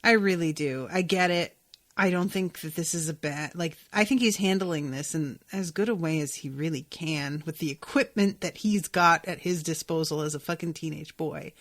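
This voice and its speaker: A woman's voice: fairly low pitch, a little slow. A woman hosting a podcast, reading a novel aloud and giving candid, casual reactions with some swearing. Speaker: podcast host.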